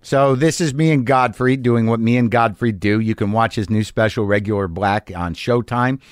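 A man's voice: mid-range voice, normal speed, no echo, clean studio sound. A man hosting a podcast, telling a story in a casual, profane, worked-up monologue. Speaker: podcast host.

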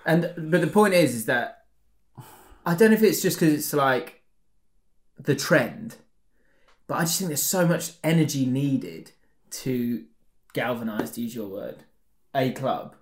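A man co-hosting a podcast, chatting casually and quickly, often laughing. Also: medium pitch, animated, echoey room. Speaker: podcast co-host. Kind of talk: casual chat.

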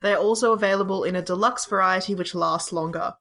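A woman's voice: mid-range voice, fairly even intonation, fast, gravelly, few pauses, fairly bright tone. Woman reading out entries among friends. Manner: reads entries aloud, then jokes. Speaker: reads out sweet descriptions. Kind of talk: casual chat with friends.

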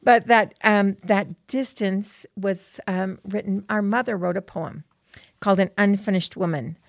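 A middle-aged woman co-hosting a casual scripture-lesson chat, telling stories with animation and reciting a poem in a measured way. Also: medium pitch, creaky, dry recording, studio quality. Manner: animated storyteller who reads a poem with steady, measured delivery. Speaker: podcast co-host.

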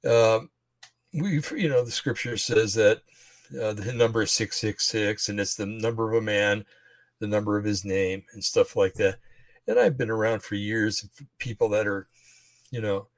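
A man's voice: fairly low pitch, moderate pace, dry recording. Rambling, slightly breathless man on a livestream. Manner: loose, rambling, many fillers and restarts. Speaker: podcast host. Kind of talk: rambling religious commentary livestream.

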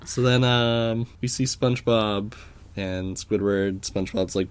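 A man's voice: on the low side, fairly even intonation, measured pace, smooth. Laid-back man co-hosting a podcast. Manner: laid-back, joking, laughs often. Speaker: podcast co-host. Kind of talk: casual chat.

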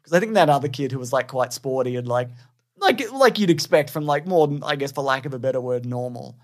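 A man's voice: mid-range voice, expressive, a little fast. A man co-hosting a podcast, a former teacher telling stories in a rambling, casual way full of fillers and swearing. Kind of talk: casual chat.

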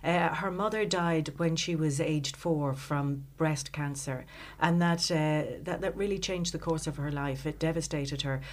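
A woman with a low voice recounts a story as an interview guest. She talks in a heartfelt, halting way, with frequent fillers and restarts. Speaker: author guest. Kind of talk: conversational interview.

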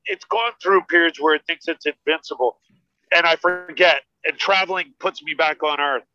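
A comedian from the United States, guesting on a podcast, telling emphatic, animated stories in casual chat. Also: male voice, on the high side, moderate pace, no echo, dull audio.

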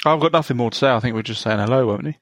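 A man's voice: mid-range voice, rapid-fire, no echo, clean studio sound. A man co-hosting a podcast, talking casually and hesitantly with plenty of ums. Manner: hesitant, full of ums and uhs. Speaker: podcast co-host. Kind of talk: casual chat.

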